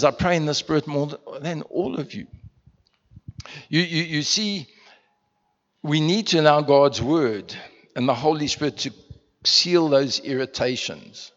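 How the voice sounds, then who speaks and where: A man from South Africa preaching a sermon to his congregation, talking conversationally with many rhetorical questions and repeated words. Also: fairly high pitch. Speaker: pastor. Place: church. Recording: muffled sound in a reverberant church hall.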